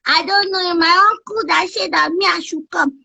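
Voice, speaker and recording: A woman voicing a cheeky little child who grumbles on the radio, in a high baby voice with a Nigerian Pidgin-tinged accent. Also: fairly even intonation, moderate pace, vocal fry, sharp tone, heavily acted. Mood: complaining. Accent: Nigerian Pidgin-tinged English. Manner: high baby voice, indignant, chattering.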